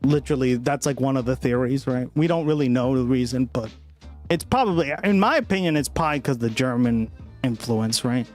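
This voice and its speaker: A man's voice: mid-range voice, a little fast, faint music behind. A young man hosting a political livestream, chatting casually and profanely with viewers, rambling and often asking "right?".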